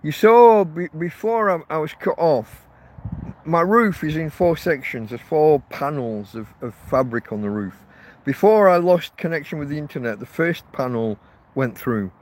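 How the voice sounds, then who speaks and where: A man's voice: on the high side, expressive, moderate pace, a little mellow. A man rambling casually to his viewers, recorded outdoors in a windy field on a phone. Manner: rambling, self-correcting, chatty. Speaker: vlogger living rough in a field camp. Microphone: phone held in portrait mode. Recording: wind and faint outdoor noise on a phone.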